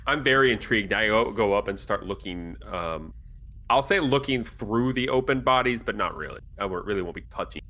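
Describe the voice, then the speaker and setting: Lively, teasing man at a game table. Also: on the low side, fairly quick, slight background noise. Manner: curious, teasing. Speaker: player. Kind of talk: casual tabletop role-play.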